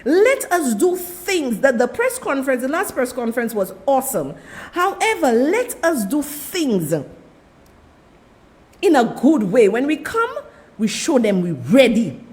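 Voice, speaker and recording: A woman's voice: high-pitched, sing-song, measured pace, darkish tone. Fiery Saint Lucian woman host. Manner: impassioned, repeats "let me tell you", addresses the audience as "people". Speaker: political talk show host. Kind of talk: fiery political commentary.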